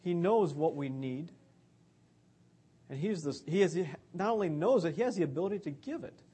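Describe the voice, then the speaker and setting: A man's voice: a little high, expressive, moderate pace, warm tone, slightly rough. A man giving an earnest, conversational sermon about scripture.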